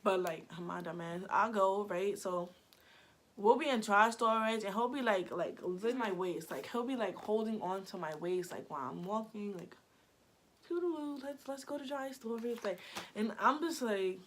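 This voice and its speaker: A young woman telling a storytime vlog in a chatty, animated way, peppered with "like". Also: mid-range voice, moderate pace. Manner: chatty, animated, heavy use of "like". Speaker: vlogger.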